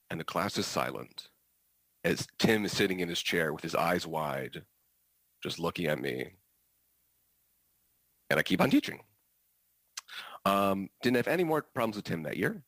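A man's voice: sits low, very animated, measured pace, pauses often, fairly bright tone, dry recording, low-quality recording. A man who is a teacher, telling a story from his classroom with dry, understated delivery. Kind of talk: storytelling performance.

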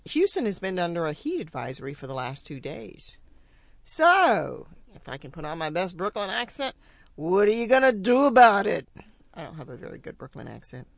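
A woman's voice: low-pitched, gravelly, a bit bright, no room sound. A woman hosting a community radio show, chatty and upbeat as she introduces guests and asks for donations.

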